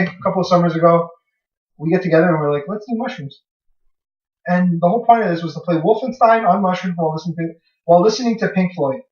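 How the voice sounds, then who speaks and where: Young male co-host, slightly high voice, loose swearing storyteller; dull lo-fi sound, distant from the mic. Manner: rambling, swears freely, acts out his own past lines. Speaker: podcast co-host. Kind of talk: casual storytelling. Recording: echoey room, far from mic, dull lo-fi.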